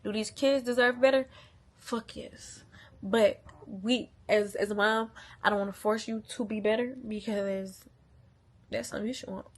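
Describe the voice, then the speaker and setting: Young mom vlogger venting on camera, blunt, heartfelt, salty language, mid-range voice. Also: female voice, medium pitch, steady tone, moderate pace. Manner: blunt, heartfelt, swears freely, repeats herself for emphasis. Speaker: mother venting on a channel. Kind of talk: candid casual venting monologue.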